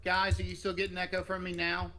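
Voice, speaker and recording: A man's voice: sits high, monotone, a little fast, pushed and bright. A man speaking as a player in a tabletop game, hesitant and repeating words.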